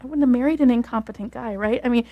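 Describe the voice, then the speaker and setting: A woman speaks to a class about marriage. She tells stories quickly and animatedly in a casual way, and her fairly high voice has a gravelly fry. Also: narrow, tinny audio. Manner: fast-talking, animated storytelling.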